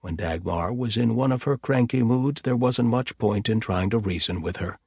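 A male audiobook narrator with a low, husky voice. He reads in a measured, descriptive way. The sound is dry and close. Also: darkish tone, no echo.

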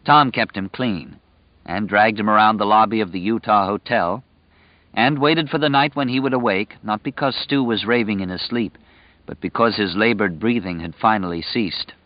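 Low-voiced male audiobook narrator. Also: normal speed, no echo. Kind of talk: scripted narration. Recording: dull lo-fi dry recording.

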